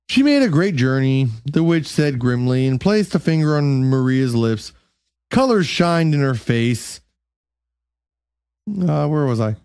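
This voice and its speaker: Slow sing-songy reader doing a silly bedtime story, snarky asides, dead dry sound. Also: medium pitch, darkish tone, clear, resonant tone, dry recording. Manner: slow, sing-song reading with stumbles and sarcastic asides. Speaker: host reading a story aloud. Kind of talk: comic bedtime story reading.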